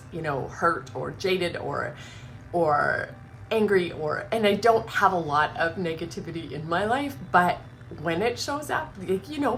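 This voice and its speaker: A woman's voice: on the low side, a little hiss or hum, low-quality recording. A woman hosting her morning live stream, chatting emotionally, laughing through tears and gushing with many restarts. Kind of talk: casual emotional chat.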